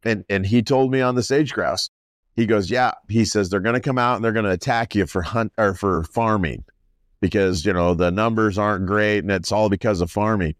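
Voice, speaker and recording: Deep-voiced rambling farmer. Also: male voice, moderate pace, no echo, clean studio sound. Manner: rambling storyteller, many restarts and quoted dialogue. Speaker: farmer and landowner guest. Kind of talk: casual conversation.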